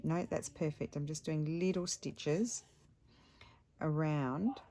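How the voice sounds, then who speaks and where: A woman's voice: deep voice, takes it slowly, mellow. A woman chatting casually while she stitches a craft piece for her vlog, rambling with many ums and restarts. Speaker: craft vlogger.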